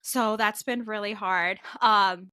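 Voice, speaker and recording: A young woman co-hosts a relaxed podcast, chiming in supportively and sharing her own experience. Her tone is bright and forward. The sound is dry and close-miked. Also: medium pitch, slow pace, clean tone, no echo. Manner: warm supportive backchannels. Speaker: podcast co-host. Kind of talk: casual chat.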